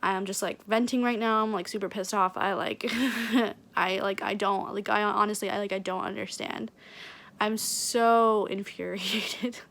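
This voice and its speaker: A woman's voice: mid-range voice, little pitch movement, moderate pace, fairly bright tone. A young woman chatting casually to camera in a book vlog, rambling with many fillers as she vents. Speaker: book vlogger.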